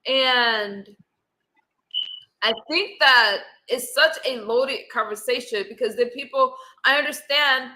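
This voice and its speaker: Bright-voiced opinionated woman host. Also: high voice, slow pace, poor audio. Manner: opinionated, argumentative. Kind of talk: casual panel discussion.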